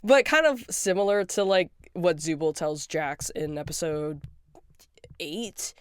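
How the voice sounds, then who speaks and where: A fan rambling casually about a cartoon, excitable and giggly, often breaking into laughter. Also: medium pitch, unhurried, clear, resonant tone, dry recording, clean studio sound. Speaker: fan commentator.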